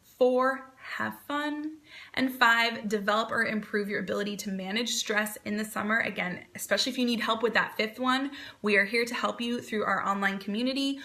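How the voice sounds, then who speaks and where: A woman in her thirties, a performance coach, giving calm, encouraging advice on a live video talk. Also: medium pitch, fairly quick, few pauses.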